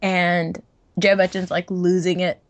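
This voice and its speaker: A woman's voice: fairly low pitch, level tone, measured pace. A young woman co-hosting a podcast in casual chat, giggly and full of fillers. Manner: chatty and giggly, many fillers. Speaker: podcast co-host.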